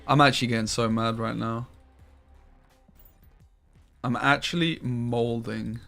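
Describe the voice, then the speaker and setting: Bright-voiced man streaming a game. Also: mid-range voice, vocal fry, faint music behind. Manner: casual, swears freely, quick to get frustrated. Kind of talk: gameplay commentary.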